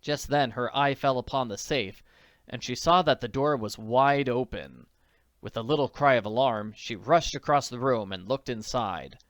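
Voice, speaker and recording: A man narrating an audiobook in a measured, steady reading voice. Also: medium pitch, no room sound, clean studio sound.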